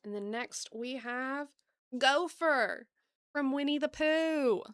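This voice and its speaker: A woman's voice: high voice, takes it slowly, no room sound. Bubbly Southern woman, close and dry. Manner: bubbly, gasping and gushing over cute cards; chatty, thinking aloud with small laughs. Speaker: card-opening channel host. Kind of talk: casual chat to viewers.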